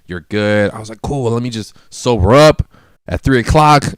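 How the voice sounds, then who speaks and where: A man spinning a rowdy party story in casual chat, his pitch leaping around as he acts out what everyone said. He laughs often between lines. The sound is dry and close, with no room behind it. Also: animated, normal speed, clean tone, no room sound. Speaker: guest.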